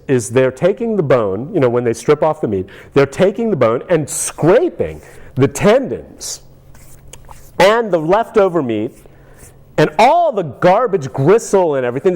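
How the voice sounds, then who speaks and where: Animated, indignant male talk host. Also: on the high side, measured pace. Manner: indignant, sarcastic, rhetorical questions. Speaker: podcast host. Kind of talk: ranting commentary.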